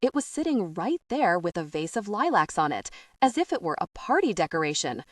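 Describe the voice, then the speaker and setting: A woman voicing a furious shouting man. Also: lowish voice, sing-song, a little fast, no room sound, clean studio sound, recorded from a distance. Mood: angry, sarcastic.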